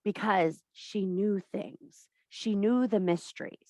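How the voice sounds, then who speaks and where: A woman's voice: mid-range voice, slow, dark tone, no echo. Blunt, profane woman preaching to a women's circle. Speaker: spiritual teacher. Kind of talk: impassioned women's circle talk.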